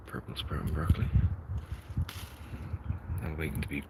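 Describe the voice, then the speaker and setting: A very deep-voiced Irish man hosts a laid-back live tour of his vegetable garden. He talks in a soft, mumbly way and often drops to a half-whisper. Outdoor noise runs clearly under his voice throughout. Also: steady tone, a little slow, pauses often. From Ireland. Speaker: gardening livestream host. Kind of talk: casual live garden walkthrough. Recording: noisy outdoor livestream audio.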